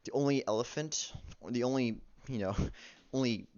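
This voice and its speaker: A man rambles through a casual, profane amateur movie review, halting often and restarting his sentences. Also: medium pitch, darkish tone. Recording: dull lo-fi recording.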